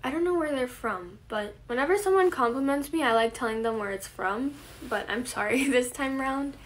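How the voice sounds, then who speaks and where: A 21-year-old woman hosting a casual live stream, reading viewer comments aloud and answering them in a relaxed way. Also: sits high, normal speed. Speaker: livestream host. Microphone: phone camera.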